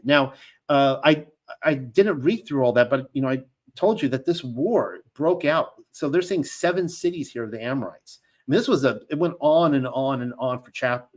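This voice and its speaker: Man teaching scripture, casual and earnest. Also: mid-range voice. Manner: conversational, many fillers and restarts between solemn reading; reads old-style scripture in an earnest, measured tone. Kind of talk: reading scripture aloud with casual commentary.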